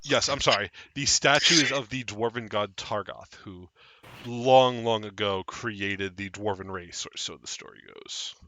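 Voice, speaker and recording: A man narrating as game master of a tabletop game in measured, descriptive narration. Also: lowish voice, bright, forceful tone.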